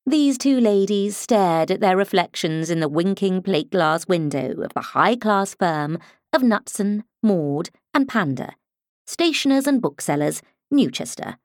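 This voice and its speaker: A woman reading a crime novel as an audiobook, in an expressive storytelling manner. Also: mid-range voice, unhurried, dry recording, studio quality. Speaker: audiobook narrator. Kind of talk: scripted narration.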